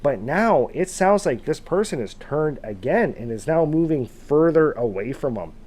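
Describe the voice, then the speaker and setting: A man casually retelling a true scary encounter, loosely phrased with fillers, now and then shouting out quoted calls. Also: on the high side, big pitch swings, normal speed. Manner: casual, conversational, with fillers like "kind of" and "like". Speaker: storyteller.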